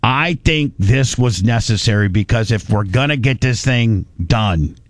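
A man's voice: lowish voice, animated, unhurried, dry recording. A male talk radio host, rambling and mocking in casual commentary.

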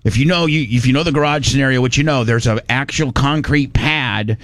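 A man's voice: mid-range voice, fairly quick, fairly bright tone, dry recording. A middle-aged man from Indiana telling a rambling, folksy story in casual podcast chat. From Indiana, USA. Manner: rambling, folksy, with many restarts.

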